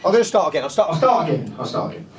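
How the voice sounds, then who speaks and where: A man's voice: a little high, very animated, rapid-fire. Flustered joking best man, roomy hall. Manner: joking, flustered, laughing often. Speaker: best man giving a wedding speech. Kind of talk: wedding speech to a crowd. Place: large function room full of guests. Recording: roomy, from far off, loud crowd. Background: loud laughing crowd.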